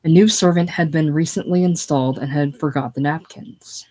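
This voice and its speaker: An audiobook narrator reading a classic novel. The reading is measured and even, with plain steady delivery. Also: medium pitch. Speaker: audiobook reader.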